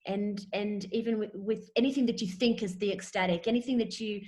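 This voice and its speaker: Woman guest, mid pitch; halting, searching delivery with frequent repeated words. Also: a little mellow. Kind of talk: reflective spiritual conversation.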